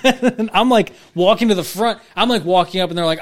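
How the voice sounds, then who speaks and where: A man's voice: high-pitched, a little fast, hardly any pauses, slight background noise. A man co-hosting a casual podcast, telling stories with lots of swearing and acting out the people he quotes. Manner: animated storyteller, swears, acts out people he quotes. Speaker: podcast co-host.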